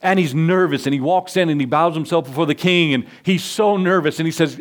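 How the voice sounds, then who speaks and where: This pastor's voice is on the high side and moves at a moderate pace as he delivers a sermon in the church sanctuary. He tells lively stories and performs the characters' voices himself.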